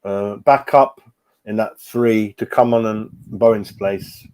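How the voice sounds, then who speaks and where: Speaking slowly with a steady, darkish, low-ish voice, a man in his 40s hosts a casual football fan live stream. He chats, reads out what viewers write, and calls everyone mate.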